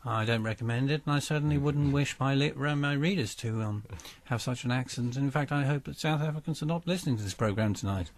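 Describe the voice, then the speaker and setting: A man's voice: mid-range voice, fast talker, few pauses. Pompous, hesitant male radio host. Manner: pompous, hesitant, full of ums. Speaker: radio arts show host. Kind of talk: mock-serious spoof interview.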